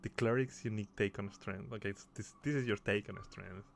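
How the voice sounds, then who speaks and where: A man's voice: fairly low pitch, brisk, gravelly, slight background noise. A man giving casual commentary while playing a game, reading the on-screen text aloud and chuckling often. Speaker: gamer playing on video.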